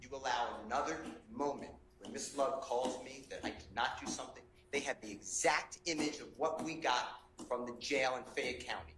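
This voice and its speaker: A man's voice: mid-range voice, normal speed. An indignant, impassioned man in his fifties argues as a defense attorney before the judge. His voice rings through an echoey courtroom, with faint noise underneath. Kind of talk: courtroom argument.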